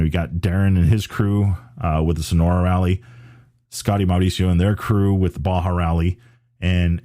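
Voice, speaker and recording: A man with a low, mellow voice talks loosely on a podcast, circling back and restarting his sentences as he goes. The sound is dry and close, with no room around it. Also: dry recording. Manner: rambling, many restarts and fillers. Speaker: podcast host. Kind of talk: casual podcast talk.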